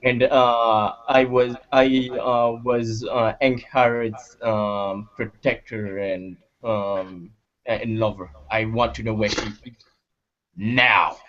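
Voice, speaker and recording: A man, a player at the table, voicing a grim male warrior who speaks haltingly with fillers, in dull lo-fi audio. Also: fairly low pitch, steady tone, a bit bright, pitched below the performer's own voice. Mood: determined.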